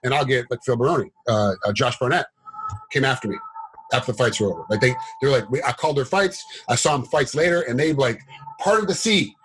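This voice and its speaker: A middle-aged man, a former fighter turned commentator and referee, telling stories in a casual interview, animated and rambling with fillers. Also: medium pitch, fast talker, slight background noise, rough recording. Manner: animated, acts out quotes in a raised voice; rambling with many fillers and restarts.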